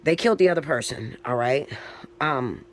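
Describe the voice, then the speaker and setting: A tarot reader gives a casual spoken reading, talking loosely and informally with occasional swearing and checking in often with his listener through tags like "all right?" and "okay?" His medium-pitched voice is animated at a normal speed. A little hiss or hum is audible.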